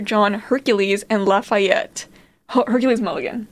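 A woman reading fan fiction aloud in a casual chat, breaking off for quick giggly asides. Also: fairly high pitch.

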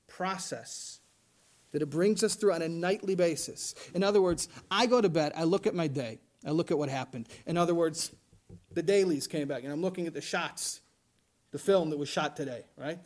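A man delivering a sermon as a religious teacher, talking in an animated way and often laughing as he speaks. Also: on the high side.

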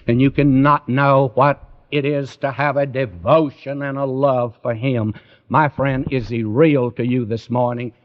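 A man delivers a Bible sermon at an unhurried, deliberate pace, pleading earnestly with his listeners. His voice swells up in emphasis again and again. The sound is muffled and lo-fi, like an old radio broadcast. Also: medium pitch. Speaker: preacher. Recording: dull lo-fi radio recording.

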